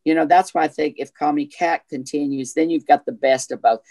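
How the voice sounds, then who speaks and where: A man with a strong Southern US accent and a voice he calls gay, talking as an actor guest in an interview. He tells his stories in a chatty, animated way, hopping from thought to thought. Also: on the high side, a little fast. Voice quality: self-described gay voice. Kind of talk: casual interview chat.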